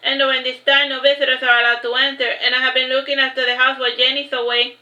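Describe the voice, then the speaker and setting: A woman reads her own first-person tale aloud, her voice high and bright. She keeps an even, flat read-aloud delivery and stumbles over a word now and then. The sound is roomy with echo and a little dull and lo-fi. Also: fast talker. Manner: steady read-aloud delivery with occasional slips. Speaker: author reading her own book. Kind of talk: first-person storybook narration. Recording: echoey room, slightly dull lo-fi sound.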